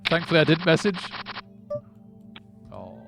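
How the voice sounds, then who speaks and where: A man streaming his poker session and talking to his chat in a loose, rambling way. He often stumbles over the first words of a sentence, and his pitch rises and falls a lot. Soft music plays quietly behind him. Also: sing-song, unhurried, creaky. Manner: rambling, repeats words when starting sentences. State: lightheaded. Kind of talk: casual live-stream chat.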